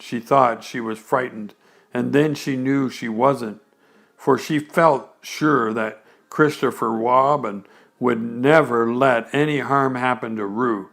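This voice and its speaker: A man reading a bedtime story aloud, unhurried and gentle. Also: medium pitch, vocal fry.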